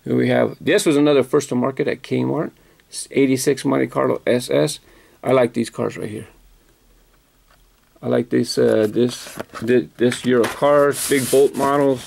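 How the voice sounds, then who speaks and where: Gravelly-voiced man chatting about collectibles. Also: mid-range voice, steady tone, unhurried, noisy background. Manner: chatty, self-correcting, enthusiastic about details. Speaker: toy car collector vlogger. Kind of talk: casual unboxing commentary.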